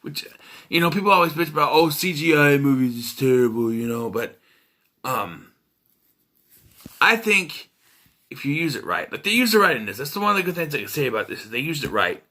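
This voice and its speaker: Man reviewing a movie off the cuff, animated delivery, exasperated and profane. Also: on the high side, fairly quick, pauses often. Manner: rambling, exasperated, swears freely. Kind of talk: casual spoken film review.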